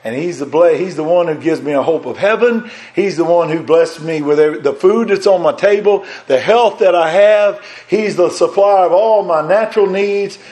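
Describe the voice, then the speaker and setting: A man preaching a sermon, swinging between loud, fervent passages and hushed ones. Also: high-pitched, normal speed, hardly any pauses.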